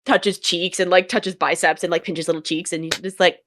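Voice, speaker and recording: A young woman narrating a tabletop game as game master, chatty and quick to laugh. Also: fairly low pitch, steady tone, fairly bright tone, dry recording, clean studio sound.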